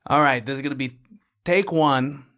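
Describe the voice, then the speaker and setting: A man's voice: mid-range voice, moderate pace. Brief: male podcast host, Bronx accent, playful improv energy. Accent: New York, Bronx. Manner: playful, barks set calls loudly. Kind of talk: improvised comedy bit, playing a director.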